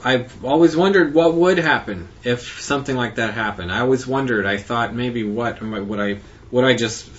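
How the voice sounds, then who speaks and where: A man hosting his own podcast, recapping his year in a halting, rambling monologue full of fillers and restarts. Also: medium pitch, fairly bright tone, highs cut off. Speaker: podcast host.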